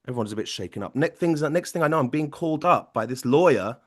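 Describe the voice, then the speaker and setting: A man's voice: a little high, expressive, quick pace. A man, a podcast producer, telling a long rambling story in casual chat and tagging lines with questions. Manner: rambling anecdote with frequent tag questions.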